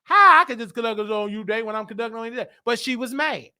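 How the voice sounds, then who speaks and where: A man hosting a show, telling a church story in a dramatic, preacher-like way that rises to shouts. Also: very high voice, fast, clean tone. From Chicago. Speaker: show host. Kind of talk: animated storytelling monologue.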